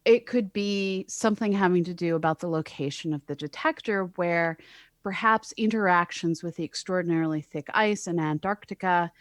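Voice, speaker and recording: Wry low-voiced woman astronomer. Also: normal speed, no room sound, clean studio sound. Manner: wry, sarcastic asides. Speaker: co-host, astronomer. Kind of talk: casual science podcast chat.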